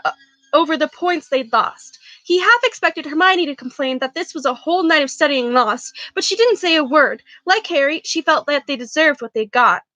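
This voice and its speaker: A woman's voice: sits high, bright, forceful tone, dry recording, muffled recording. A young woman reading a novel aloud for a book club, stumbling over words and making casual remarks about her reading.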